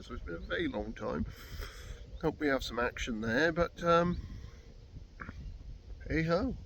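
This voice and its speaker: A man's voice: a little high, vocal fry, slight background noise, low-quality recording. A man vlogging a fishing session outdoors at a pool, in a chatty, rambling, easygoing way. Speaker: angler vlogger. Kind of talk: casual fishing vlog.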